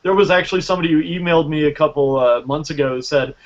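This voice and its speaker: A man speaking as the guest magician in a casual panel chat. He is animated and acts out the exchanges he describes. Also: on the high side, racing. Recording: slightly muffled.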